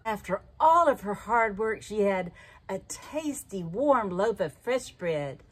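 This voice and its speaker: A woman telling a story to children in an animated way, often asking the listeners questions. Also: mid-range voice, slow pace, husky. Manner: lively, animated storytelling with asked questions to kids.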